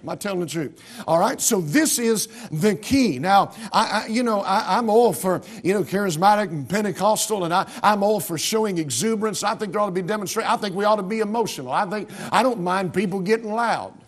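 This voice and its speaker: In a church sanctuary, an American pastor delivers a sermon at a slightly quick pace. His voice is high for a man, and he stumbles and restarts as he drives his points home in emphatic bursts.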